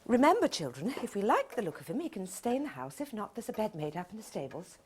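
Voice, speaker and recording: An actress playing a cool, prim politician's wife in a sitcom. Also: female voice, mid-range voice, very animated, fast talker, noisy background, close to an everyday voice. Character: cold posh politician's wife, stiff and prim. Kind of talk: sitcom acting.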